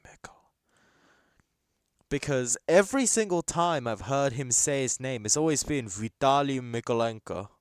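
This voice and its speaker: A man's voice: mid-range voice, unhurried, long pauses, smooth, no echo, clean studio sound. A young man chatting casually while hosting a live football watchalong, rambling and reacting to the match. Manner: casual, rambling, bursts into excited shouts at chances. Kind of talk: live match commentary chat.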